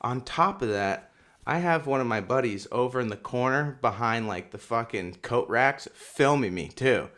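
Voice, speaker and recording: A young man co-hosting a podcast, telling a story in casual chat, swearing a lot and getting loud and worked up as he quotes himself. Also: medium pitch, moderate pace. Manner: animated storyteller, swears constantly, gets loud and heated when quoting himself. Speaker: podcast co-host.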